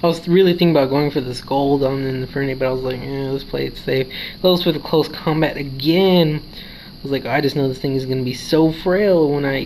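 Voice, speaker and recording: A man's voice: a little high, darkish tone, slight background noise, low-quality recording. A man casually narrating his own game match, sleepy and yawning, retelling his reactions in a chatty way. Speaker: gaming video creator. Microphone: handheld console recording.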